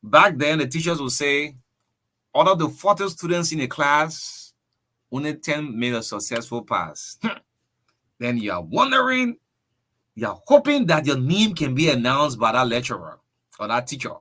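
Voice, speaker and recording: A man's voice: a little high, sing-song, a little slow, bright, forceful tone. A man with a Liberian English accent hosting a breakfast radio show, chatting loosely and reading out listener greetings. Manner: chatty, storytelling, loose with fillers and laughs. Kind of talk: casual radio talk, reading listener shout-outs.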